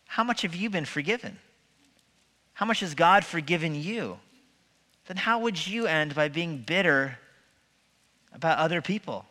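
Male pastor, sermon, conversational with humor, bright voice, long church reverb. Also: mid-range voice. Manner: conversational preaching with humor and rhetorical questions. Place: church sanctuary.

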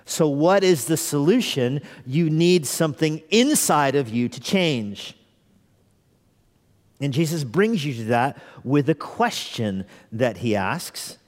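A man's voice: a little high, big pitch swings, slow. A man preaching a conversational sermon as pastor, earnestly asking the congregation rhetorical questions and repeating phrases for emphasis. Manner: repeats phrases for emphasis, chuckles now and then. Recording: long hall reverb in a church.

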